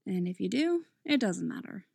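A woman's voice: mid-range voice, big pitch swings, normal speed, vocal fry, darkish tone, dry recording, clean studio sound, exaggerated voice. A woman voicing a serious, grouchy young male hero in an audiobook reading, matter-of-fact in manner. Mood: deadpan. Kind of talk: audiobook character voice.

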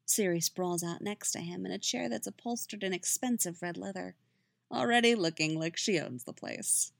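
A woman narrating a fan fiction story with expressive storytelling. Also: on the low side, moderate pace, gravelly, no room sound, clean studio sound.

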